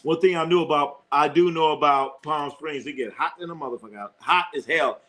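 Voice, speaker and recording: The speaker is a middle-aged sports streamer whose fairly high, slightly bright voice moves at a brisk clip. Reading chat, he rambles on, swears, repeats phrases and laughs often.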